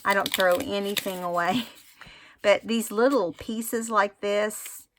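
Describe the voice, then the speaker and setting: Woman, craft tutorial host, casual rambling talk, unhurried delivery. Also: mid-range voice, fairly even intonation, background noise. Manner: chatty, rambling, self-admittedly unhurried.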